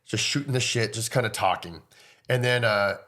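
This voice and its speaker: A man's voice: on the low side, normal speed, sharp tone. A young man co-hosting a podcast, recapping scenes in casual chat and acting out the characters' lines. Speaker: podcast co-host.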